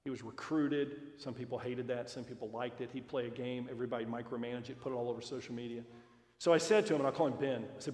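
A man's voice: medium pitch, fairly even intonation, fast, a little mellow. A man giving a seminar talk to parents, telling stories and acting out the dialogue. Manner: storytelling, acts out dialogue. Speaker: guest speaker at parent seminar. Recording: echoey hall reverb.

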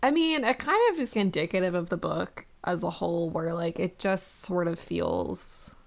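Woman co-host with a gravelly, fry-heavy voice, relaxed plot-recap delivery. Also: on the low side, normal speed. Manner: relaxed, summarizes plot, brief agreeing replies. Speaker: podcast co-host. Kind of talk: casual book-discussion chat.

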